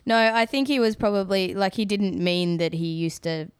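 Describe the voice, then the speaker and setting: A woman's voice: medium pitch, moderate pace, clean tone, no room sound. A woman chatting as a podcast guest, blunt and dry in her remarks. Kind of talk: casual podcast chat.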